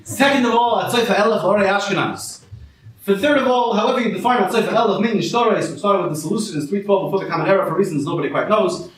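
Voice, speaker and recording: High-voiced man doing rambling stand-up. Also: fast. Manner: rambling storyteller, sprinkles Hebrew and Yiddish words. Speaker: stand-up comedian. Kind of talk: stand-up comedy set. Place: small comedy venue with a live audience. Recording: echoey room from far off with a laughing crowd.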